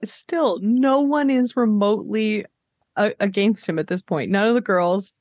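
A woman's voice: mid-range voice, unhurried, darkish tone, dry recording, clean studio sound. A woman co-hosting a podcast, making wry jokes in casual recap chat. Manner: wry, joking, laughs along. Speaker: podcast co-host.

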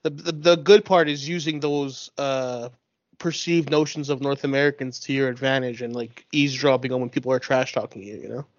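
A man's voice: mid-range voice, fairly even intonation, brisk, no echo, dull audio. A man in casual podcast chat, blunt and joking, with some swearing.

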